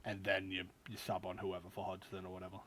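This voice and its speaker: A man's voice: low voice, completely flat delivery, fast, noisy background. A man hosting a casual podcast chat, bantering with friends, stammering through restarts and laughing often. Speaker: podcast host.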